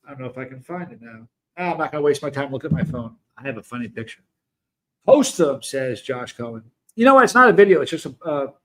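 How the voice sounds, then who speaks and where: A man with a fairly high voice hosts a casual livestream. He talks loosely to his viewers, reads their comments aloud and often breaks off to restart his sentences. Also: fairly bright tone. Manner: chatty, rambling, self-interrupting. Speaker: livestream host.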